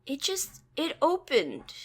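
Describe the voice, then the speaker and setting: A woman's voice: sits high, huge pitch swings, takes it slowly, voice pushed up, exaggerated voice. A woman voicing a frightened little boy who speaks in small, shaky, tearful phrases. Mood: scared.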